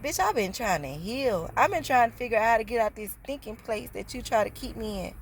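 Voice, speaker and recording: Woman vlogger, slightly high voice, blunt and profane, slangy casual monologue into a phone. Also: expressive, a little fast, hardly any pauses, a little hiss or hum. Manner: slangy, streetwise talk.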